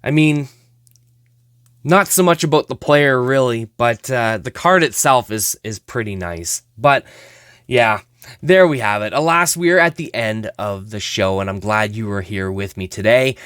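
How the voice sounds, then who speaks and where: A man's voice: medium pitch, a little slow, fairly bright tone, smooth, no room sound, clean studio sound. A man hosting a hockey card opening show, chatting casually and exclaiming over each card, often laughing at himself.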